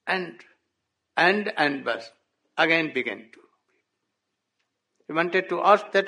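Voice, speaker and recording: A man telling a devotional story in halting English, punctuated by frequent "oh" and "hmm?". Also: on the high side, lively intonation, bright, forceful tone. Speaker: religious storyteller.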